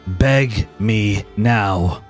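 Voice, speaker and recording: A man's voice: fairly low pitch, drawn-out words, soft background music, pitched below the performer's own voice. A man voicing a centuries-old male mentor who loved his student like a daughter, pleading and stern in broken phrases. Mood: stern grief.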